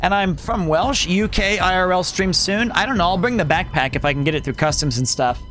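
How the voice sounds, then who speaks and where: A man's voice: high voice, expressive, brisk, fairly bright tone, soft background music. A man streaming a video game, chatting casually and rambling as he answers his chat, often correcting himself. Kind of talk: casual live-stream chat while gaming.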